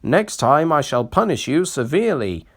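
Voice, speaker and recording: A man's voice: fairly high pitch, big pitch swings, moderate pace, a bit bright, heavily acted. A man doing the stern railway controller. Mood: severe. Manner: severe and scolding. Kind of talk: storybook reading.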